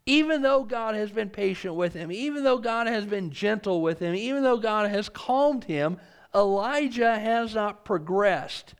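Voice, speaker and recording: High-voiced preacher man, earnest sermon. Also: expressive, a little slow, clear, resonant tone. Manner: earnest, rhetorical questions, reads scripture aloud.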